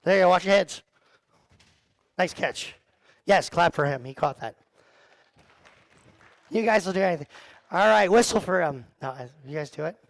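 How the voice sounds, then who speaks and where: A middle-aged youth pastor with a high-pitched, lively voice leads a church youth group through a handheld or headset mic. He speaks at normal speed with frequent pauses, joking, teasing the kids in the room, and poking fun at himself while he teaches. The recording is dry and low quality.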